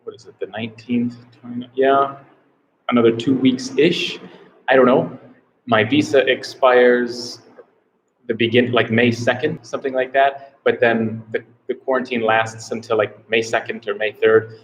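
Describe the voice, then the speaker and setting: A man's voice: medium pitch, little pitch movement, a little slow, slight background noise, poor audio. An American man chatting casually on a live stream from a small room, rambling and unsure, often repeating himself. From United States. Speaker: travel vlogger doing a live Q&A.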